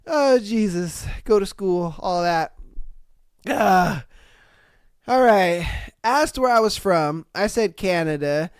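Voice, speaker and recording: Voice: medium pitch, takes it slowly, clean tone, no echo. Solo podcast host, casual and profane, reads posts out and riffs on them. Dry, close mic. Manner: profane, animated, slangy, acts out the people in the stories. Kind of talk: casual storytelling, reading out and reacting to posts.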